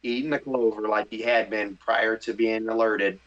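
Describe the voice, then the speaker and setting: A middle-aged man, a podcast guest, telling a story in casual chat, animated and excitable, acting out his own inner voice. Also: fairly low pitch, moderate pace, highs cut off.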